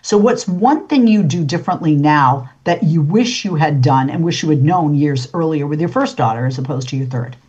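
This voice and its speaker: A woman's voice: sits low, moderate pace, hardly any pauses, a little mellow, husky. A woman hosting a talk show, chatting casually with a guest and filling her speech with uh and you know. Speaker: radio talk show host. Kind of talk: casual interview chat. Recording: dull lo-fi sound.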